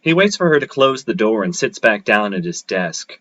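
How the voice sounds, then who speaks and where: Brief: man reading his own fiction at an open mic, low and bright, steady delivery, dull livestream audio. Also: normal speed, few pauses, no room sound.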